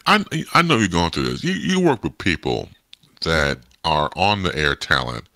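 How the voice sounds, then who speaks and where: A man co-hosting a radio show with a gravelly, husky voice, ranting lively between impressions. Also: extremely low pitch, moderate pace, no room sound. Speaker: radio co-host. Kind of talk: casual radio banter.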